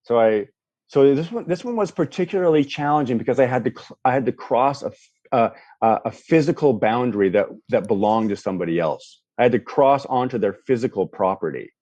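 A man telling a story as a podcast guest, animated and acting out voices, with frequent restarts. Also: mid-range voice, fairly quick, no room sound. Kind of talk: storytelling in a casual interview. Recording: dull lo-fi dry sound.

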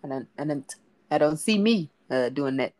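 A woman's voice: deep voice, lively intonation, moderate pace, a little mellow. A woman co-hosting a casual chat, talking bluntly and profanely in a ranting way.

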